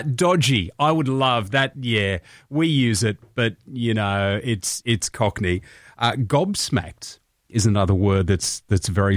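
A man's voice: medium pitch, dry recording, clean studio sound. An Australian man hosting a breakfast radio show, chatting in a jokey way and laughing at his own asides.

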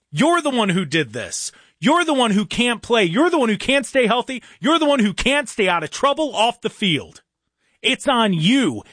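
Brief: young guy, heated fan rant, high lively voice, close dry mic. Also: dry recording. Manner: exasperated, heated, mocking. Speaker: sports commentator. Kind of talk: ranting sports commentary.

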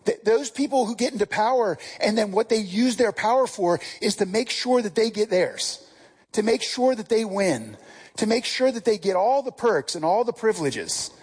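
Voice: mid-range voice, lively intonation, moderate pace, darkish tone, breathy edge, poor audio. A preacher giving a conversational sermon in a casual way, often asking the listeners direct questions.

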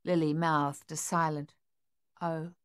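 A woman narrating an audiobook in a steady, measured storytelling manner. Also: lowish voice. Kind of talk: scripted narration.

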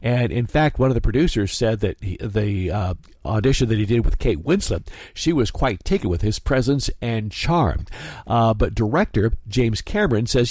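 A man's voice: lowish voice, normal speed, husky, no room sound. Chatty radio DJ man. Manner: lively, chatty, animated delivery. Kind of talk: classic hits radio chatter. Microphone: studio microphone, dry.

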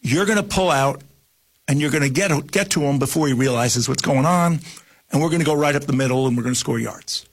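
A man voicing a confident older male high school football coach as he lays out a play, in a matter-of-fact way. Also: fairly quick, slightly rough. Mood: scheming.

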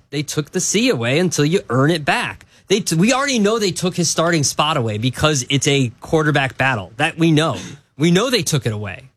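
A man's voice: a little high, a bit bright, dry recording. A man co-hosting a casual sports talk show, rambling and joking with lots of filler words. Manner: rambling, jokey, full of filler "like".

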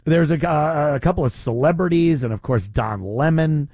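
A podcast host runs his own opinionated commentary show, speaking sarcastically and mockingly. His voice sits on the high side, a little mellow, at a normal speed, with no echo.

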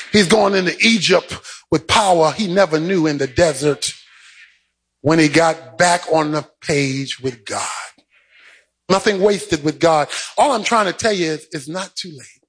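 A man preaching a sermon, swinging between shouted, sing-song peaks and quieter stretches. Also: on the high side, measured pace, husky, rough recording.

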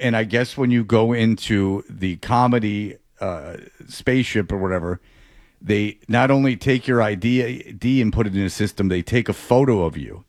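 A man's voice: fairly low pitch, dry recording. A male sports radio host in casual studio talk, rambling and sarcastic, often restarting his sentences.

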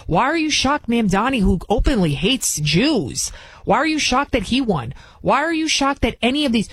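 A woman's voice: a little high, animated, a little fast, breathy edge, low-quality recording. A woman hosting a political commentary show, delivering an indignant, emphatic opinion monologue full of repeated rhetorical questions.

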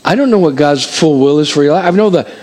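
Animated middle-aged male pastor preaching. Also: on the high side, fast. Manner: animated, calls out to the congregation. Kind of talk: sermon. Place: church hall before a congregation.

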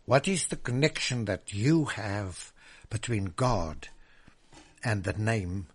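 A man preaching a sermon, swinging from loud proclamation to hushed whispers and drawing out scripture verses emphatically. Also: fairly low pitch, slightly rough. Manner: drawn-out emphatic reading of scripture.

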